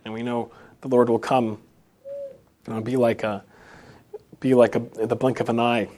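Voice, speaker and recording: Man of ordinary pitch preaching loosely, stumbling and building emphasis. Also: little pitch movement, a little mellow. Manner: halting, with many restarts and rising emphasis. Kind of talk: unscripted sermon.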